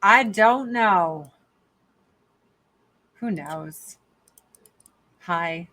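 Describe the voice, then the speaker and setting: A woman's voice: fairly low pitch, extremely slow, a bit bright. A woman guesting on a podcast over a video call, talking candidly and joking, swearing freely. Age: older. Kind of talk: casual podcast chat. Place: rural home.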